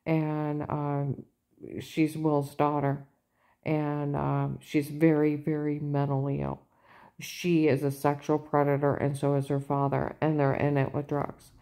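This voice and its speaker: A woman in a casual monologue, insistent and repetitive, turning loud and emphatic. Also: sits low, monotone, unhurried. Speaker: vlogger.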